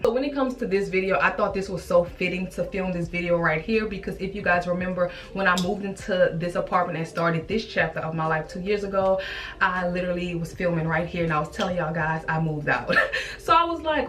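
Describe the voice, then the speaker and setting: Emotional chatty young woman vlogger. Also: lowish voice. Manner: chatty, emotional, addresses viewers as y'all and girl. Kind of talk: casual confessional vlog. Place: home bathroom, filmed on own camera.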